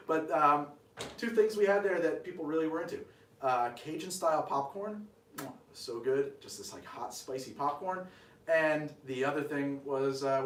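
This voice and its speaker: A man talks loosely and jokes at his own expense while he works, drifting off into side stories before coming back to the task. He sits at an ordinary middle pitch. His voice carries some room echo and comes from a little way off the mic, with a faint hiss underneath. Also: fairly bright tone, far from the mic. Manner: rambling, self-deprecating, joking asides. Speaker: cocktail show host. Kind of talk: casual live-stream chat while making a drink.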